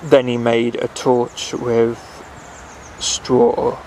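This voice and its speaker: A man reading a bedtime story aloud at an unhurried, halting pace, often restarting his phrases. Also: medium pitch, level tone, darkish tone, slight background noise, low-quality recording.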